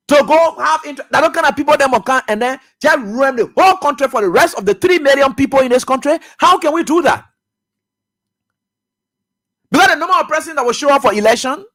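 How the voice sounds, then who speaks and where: A man hosting a radio talk show, giving impassioned political commentary that swings from loud outbursts to low muttering. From Liberia. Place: radio studio.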